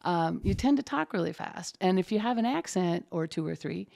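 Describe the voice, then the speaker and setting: A woman's voice: lowish voice, normal speed, creaky. A woman working as a closed captioner, talking casually and animatedly as a guest in an interview. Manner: chatty, animated storyteller.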